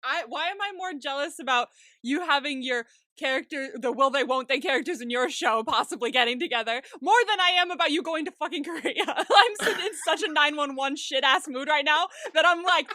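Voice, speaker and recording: A woman's voice: high-pitched, brisk, bright, forceful tone, dry recording, clean studio sound. A woman co-hosting a podcast in casual chat, blunt and swearing freely, laughing easily. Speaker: podcast co-host.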